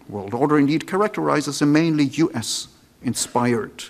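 A man delivering a formal public lecture, measured and deliberate, sometimes restarting a phrase. He speaks in a lecture hall. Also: fairly high pitch, lively intonation.

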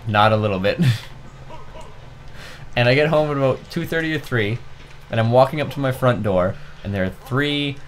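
A young adult man, moderate in pitch, spins a rambling story for his co-host during a relaxed game playthrough. He swears freely and tells it in an easygoing way. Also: moderate pace, pauses often, slight background noise. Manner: animated anecdote-teller, swearing freely. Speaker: let's play co-host. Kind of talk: casual storytelling over gameplay.

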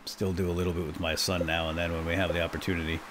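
A middle-aged man giving casual, chatty gameplay commentary, breaking into excited exclamations. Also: sits low, rapid-fire, background noise. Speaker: let's play host.

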